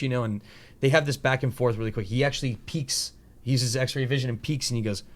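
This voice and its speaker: A male podcast host at a middling pitch who talks casually and at length. He rambles through animated retellings of scenes, peppering them with fillers, mild profanity and quick impressions.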